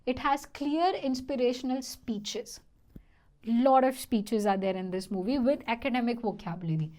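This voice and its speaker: Chatty high-voiced woman teaching English. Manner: chatty, asks "okay?" often, apologizes for slips. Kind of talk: online English lesson.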